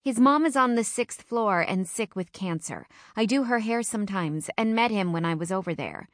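A woman reading an audiobook and voicing an outspoken, protective young hairdresser friend, a bit higher and louder than her narration. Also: moderate pace, no echo, clean studio sound, lightly acted. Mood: teasing. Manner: brash, excitable, protective.

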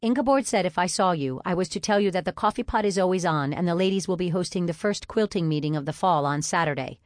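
A woman's voice: lowish voice, fast, no echo, studio quality, natural voice. A woman doing a big, hearty farm man.

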